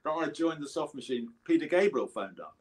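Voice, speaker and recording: A man's voice: fairly high pitch, expressive, brisk, husky, rough recording. Older Englishman telling rambling stories. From England. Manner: rambling, self-correcting anecdotes. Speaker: guest musician. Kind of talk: casual storytelling interview.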